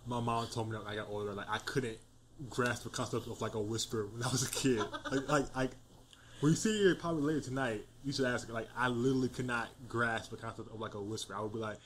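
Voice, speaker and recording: A man's voice: mid-range voice, fairly even intonation, fast talker, slight background noise. A man co-hosting a podcast from home on a desk mic, joking around playfully in casual chat. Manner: goofy, playful. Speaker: podcast co-host. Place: home room.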